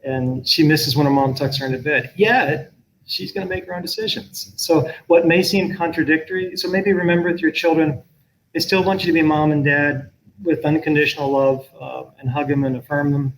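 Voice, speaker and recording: Middle-aged male professor, earnest and reflective, a bit high-pitched, faint noise behind him. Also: steady tone, fairly quick, low-quality recording. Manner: thoughtful, earnest, with frequent restarts. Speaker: professor and guest speaker. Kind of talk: conversational talk on a video call.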